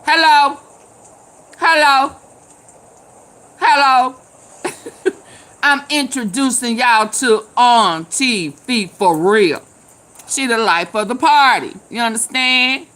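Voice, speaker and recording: A tipsy woman, hosting a casual live chat, loud and laughing, swearing and calling out viewers by name. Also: on the high side, animated, takes it slowly. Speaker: live stream host.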